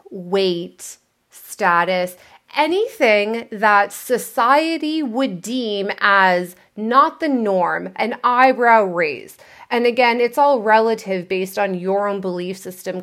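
A woman's voice: mid-range voice, fairly bright tone. A woman coaching her listeners on love in a candid, emphatic manner. She speaks in a mid-range voice and doesn't mind dropping a curse word to make her point. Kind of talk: motivational talk.

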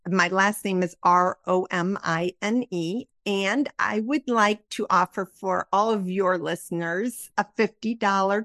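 A woman's voice: medium pitch, a bit bright, no room sound. A woman guest on a podcast, a psychic medium, explaining her work in an earnest way. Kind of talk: casual interview talk.

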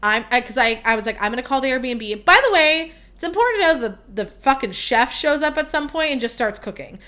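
A woman's voice: high voice, animated, a little fast, pushed and bright. A young woman hosting a podcast, telling a story in a rambling, casual way, full of fillers and swearing. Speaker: podcast host.

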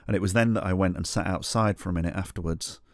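A man's voice: sits low, fast, no echo, clean studio sound. A middle-aged man hosting a solo podcast, telling a rambling, sweary, self-mocking story. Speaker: podcast host.

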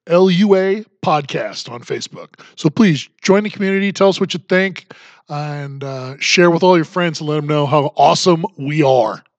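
A man's voice: on the high side, no echo, muffled recording. A middle-aged man hosting a political commentary podcast, talking in a sarcastic, mocking way. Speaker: podcast host.

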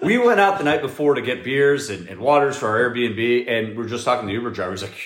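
A man co-hosting a casual roundtable chat, telling stories with lively energy and laughing through them. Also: mid-range voice, fairly quick, few pauses. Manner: animated storyteller, laughs through his stories. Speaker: podcast co-host. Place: room with a group around drinks. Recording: echoey room.

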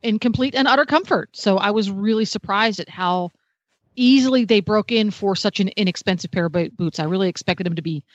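A woman's voice: medium pitch, brisk, no echo, muffled recording. Chatty detailed woman reviewer on radio. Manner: chatty, detailed, self-deprecating humor. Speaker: regular product reviewer. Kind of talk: casual radio talk show.

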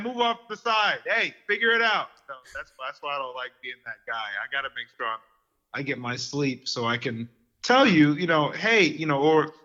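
A man telling lively stories in casual podcast chat, getting worked up as he goes. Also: fairly high pitch, dull audio. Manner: animated storyteller who gets worked up.

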